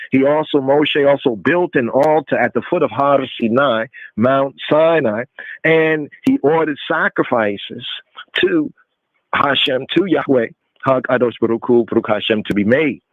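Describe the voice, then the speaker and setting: A man's voice: mid-range voice, unhurried, no echo. A man hosting a call-in radio Bible study, explaining scripture and often checking in with "right?" while mixing in Hebrew terms. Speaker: radio show host teaching Torah. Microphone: call-in phone line. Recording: phone-like narrow band, dry.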